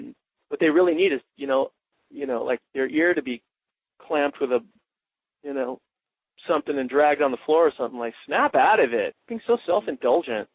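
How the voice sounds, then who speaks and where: A man's voice: mid-range voice, no echo. Man teaching coaching over a tinny line. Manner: loose and demonstrative, acting out coach lines. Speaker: coaching trainer. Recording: tinny dry phone line.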